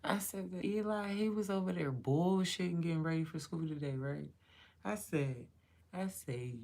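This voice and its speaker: A woman's voice: lowish voice, moderate pace, gravelly, warm tone. A mother talking casually to her livestream, profane and playful, laughing often.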